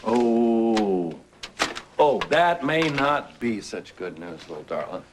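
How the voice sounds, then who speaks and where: An affectionate, joking husband, lively pitch, slight tape hiss. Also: male voice, slow. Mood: playful. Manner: teasing, affectionate, animated. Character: playful loving husband, adult man. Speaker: husband and father in a soap opera. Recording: old TV tape with faint hiss.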